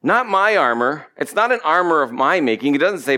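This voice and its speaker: A man's voice: fairly high pitch, sing-song, brisk, pushed and bright. A man preaching a sermon, emphatic and repetitive, stretching out key words for stress. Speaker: pastor.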